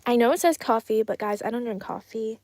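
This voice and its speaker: A woman's voice: fairly high pitch, fairly quick, a little mellow. A young woman chatting casually on a livestream, reading viewers' comments aloud with frequent giggles. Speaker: streamer reading live chat.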